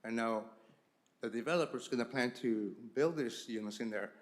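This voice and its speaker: A man's voice: medium pitch, normal speed. A man speaking as a resident at a council meeting, informal and emotional, repeating his points. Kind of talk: public comment. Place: council chamber.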